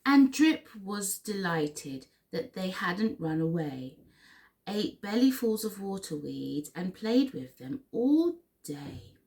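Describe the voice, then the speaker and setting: Slow, sing-song woman reading a storybook. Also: mid-range voice, very animated, a little mellow. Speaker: story reader. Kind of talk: children's storytime read-aloud.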